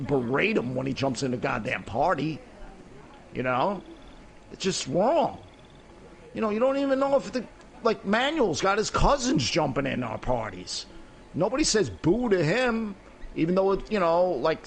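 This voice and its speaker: A man's voice: fairly high pitch, sing-song, moderate pace, gravelly, a little hiss or hum. A middle-aged man in casual voice chat while gaming, rambling and swearing, peppering his talk with "you know what I mean". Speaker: gamer in voice chat.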